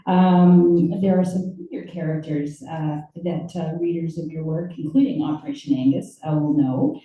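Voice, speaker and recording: A woman hosting a book conversation, asking questions in a halting way with many fillers. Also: low-pitched, dark tone, far from the mic, highs cut off, a little hiss or hum. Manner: hesitant, lots of uh and um fillers. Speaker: event host interviewer. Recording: very echoey room, voice from afar.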